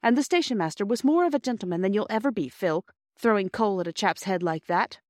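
A woman's voice: medium pitch, lively intonation, a little fast, darkish tone, no room sound, studio quality, close to an everyday voice. A woman reading an offhand, impatient boy. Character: proud impatient boy, older brother. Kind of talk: audiobook reading.

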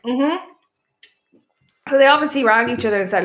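A woman chatting casually on a podcast, telling stories in a blunt, animated, sweary way. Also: on the high side, normal speed. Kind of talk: casual chat.

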